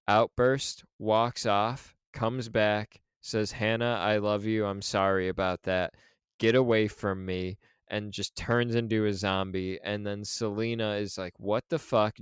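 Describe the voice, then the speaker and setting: A man's voice: lowish voice, clean tone, no room sound, studio quality. A man co-hosting a podcast, chatting casually about a film. He swears freely and acts out lines from it. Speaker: podcast co-host.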